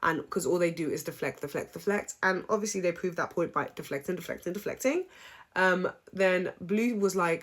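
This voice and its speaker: A woman giving a casual, opinionated recap, chatty and animated, with frequent ums. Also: on the low side, moderate pace. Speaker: reality show recap vlogger.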